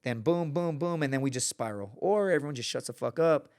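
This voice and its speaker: Animated, profane storytelling podcast guest. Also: male voice, on the high side, brisk. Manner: animated storyteller, acts out quotes, swears often. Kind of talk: casual storytelling.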